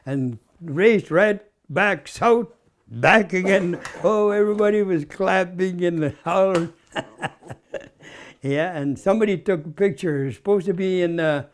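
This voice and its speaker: A high-voiced Canadian man in his nineties speaks a little slowly over slight background noise. In an interview he casually reminisces about the old days, chuckling a lot and tagging phrases with "eh."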